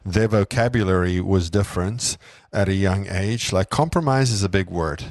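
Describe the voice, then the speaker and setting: Guy co-host on a parenting podcast, lower voice, jokey teasing, dry close mic. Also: moderate pace, darkish tone, no echo. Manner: joking, teasing banter. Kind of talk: casual parenting podcast chat.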